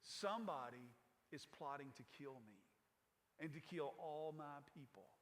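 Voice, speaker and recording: Brief: a man doing a quiet, earnest queen, high male voice, long hall reverb. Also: very animated, moderate pace, exaggerated voice.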